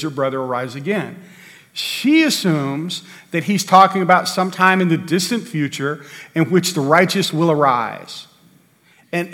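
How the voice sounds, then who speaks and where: A man's voice: fairly high pitch, a bit bright. A man preaching a sermon, earnest and emphatic, often restarting his sentences. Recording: long hall reverb.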